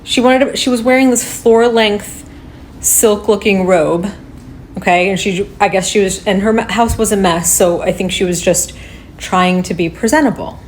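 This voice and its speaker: A woman's voice: medium pitch, normal speed, a little hiss or hum. Heated woman recapping, swearing often. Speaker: commentator recapping a video. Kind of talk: casual emotional recap.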